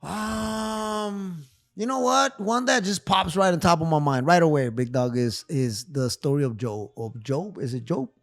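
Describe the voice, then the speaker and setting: A man's voice: high-pitched, measured pace, creaky, fairly bright tone, no room sound, studio quality. A man guest telling a personal story on a casual podcast, emotional and profane, repeating phrases. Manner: repeats phrases, calls host big dog. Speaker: therapist guest.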